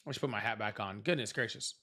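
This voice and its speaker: A young man hosts a casual livestream, chatting with viewers, thanking them and laughing often. His voice is on the low side, quick, pushed and bright.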